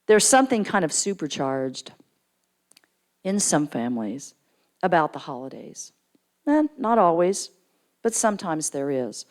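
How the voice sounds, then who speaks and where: A middle-aged woman giving a storytelling sermon in church, jumping into lively character voices for quoted people. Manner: animated storyteller, acts out quoted voices with big pitch jumps. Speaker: guest speaker at church. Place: church sanctuary.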